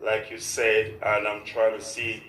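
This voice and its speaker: A man's voice: fairly low pitch, monotone, a little slow, fairly bright tone, slight background noise. Formal radio host man, echoey room. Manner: formal, repeats "of course" often. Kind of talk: live radio talk with prayer.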